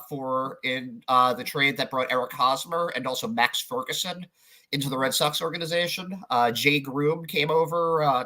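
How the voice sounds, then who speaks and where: A man's voice: on the high side, sharp tone. A man hosting a sports podcast, chatting casually with a guest, with lots of fillers and restarts. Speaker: podcast host. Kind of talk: casual interview chat.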